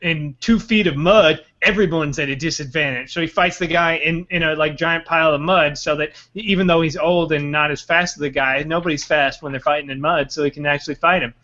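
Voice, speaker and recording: A man's voice: on the high side, steady tone, brisk, hardly any pauses, bright, forceful tone. A man co-hosting a podcast, sarcastic and rambling in casual banter. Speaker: podcast co-host. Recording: dull lo-fi podcast audio.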